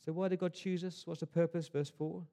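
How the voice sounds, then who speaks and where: A man's voice: on the high side, little pitch movement, a little fast, creaky, warm tone. A man preaching a sermon to his congregation, earnest, often restarting words and asking rhetorical questions. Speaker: pastor. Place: church service.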